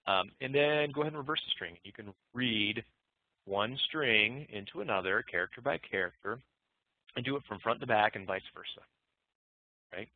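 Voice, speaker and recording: A man teaching programming in a recorded lecture, relaxed and thinking aloud as he walks through code. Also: on the low side, moderate pace, no echo. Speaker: programming instructor. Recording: muffled phone-like dry audio.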